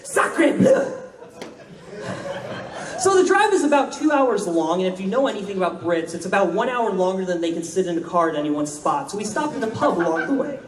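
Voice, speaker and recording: A man from Florida telling wry, deadpan comic stories on a convention stage. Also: high-pitched, fast, few pauses, recorded from a distance, a crowd in the background. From Florida, United States. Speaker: convention storyteller, comedian. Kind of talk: stand-up storytelling. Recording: roomy hall, voice from afar.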